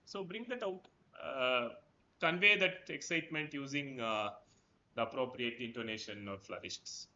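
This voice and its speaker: A man's voice: mid-range voice, moderate pace, bright, forceful tone. A professor giving a conversational lecture to students, who keeps checking in with "right?" after his points. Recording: dull, roomy lecture hall sound.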